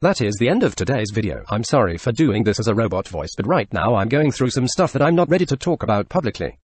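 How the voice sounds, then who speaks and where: A male text-to-speech robot voice reading forum questions and answers in an even, synthetic way. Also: lowish voice, fast talker, breathy edge, no echo. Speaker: video narrator. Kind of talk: reading forum posts aloud.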